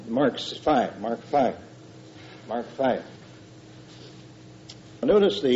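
A man's voice: mid-range voice, warm tone, lo-fi sound, slight background noise. An older man preaching a conversational verse-by-verse sermon, emphatic, with frequent fillers and restarts.

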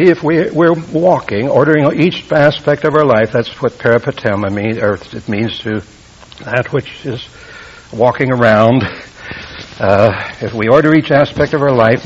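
A man preaching a verse-by-verse Bible teaching sermon, explaining grammar and swinging between loud emphasis and quiet asides. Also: breathy edge, highs cut off. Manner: explains the Greek grammar, rising loudly for emphasis then dropping low.

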